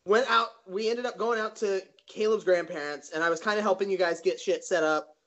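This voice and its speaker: A young man in his twenties works through an old memory, pausing on plenty of ums and half-finished thoughts. His voice is high, and the recording is dull and lo-fi. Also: fairly bright tone. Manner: unhurried, hesitant, many ums. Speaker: podcast co-host. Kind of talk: casual storytelling among friends. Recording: muffled lo-fi podcast audio.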